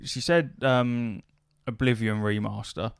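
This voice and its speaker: Man, podcast host, casual storytelling, foul-mouthed, mid-pitched voice, dry close sound. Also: steady tone, slow pace, vocal fry, clear, resonant tone, dry recording. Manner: swears freely, relays a story with quoted back-and-forth dialogue.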